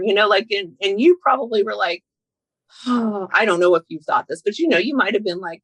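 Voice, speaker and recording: A woman's voice: medium pitch, moderate pace, breathy edge, dry recording, rough recording. Candid, laughing woman guest, dry close sound. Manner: candid, self-deprecating, laughs often. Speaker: podcast guest. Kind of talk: casual conversation.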